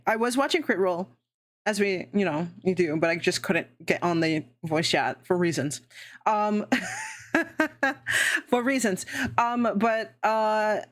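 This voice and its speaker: A female streamer rambles through casual live-stream chat, swearing and laughing a lot as her pitch leaps up and down.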